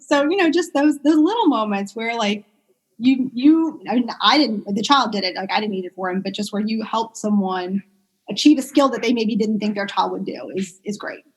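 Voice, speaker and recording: A woman working as a pediatric speech therapist, chatting casually in an interview and telling stories with lots of fillers and animated quoted voices. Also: medium pitch, moderate pace, breathy edge. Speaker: pediatric speech-language pathologist guest.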